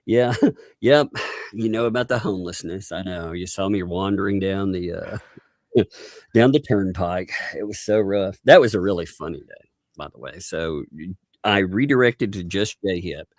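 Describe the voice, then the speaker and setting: Low-voiced man laughing through rambling chat. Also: moderate pace, dry recording, studio quality. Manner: laughs often, rambling with restarts. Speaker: host. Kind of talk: casual livestream chat.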